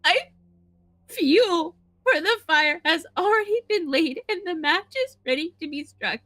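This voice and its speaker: A grave, melodramatic letter writer in an exaggerated mock-French accent, as a woman puts him on. The lines come slow and deliberate, in a bright, ringing voice from a dry, close mic. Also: on the low side, fairly even intonation, no room sound, pitched below the performer's own voice, close to an everyday voice. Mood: sorrowful. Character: anonymous letter writer warning a businessman, grave and advising.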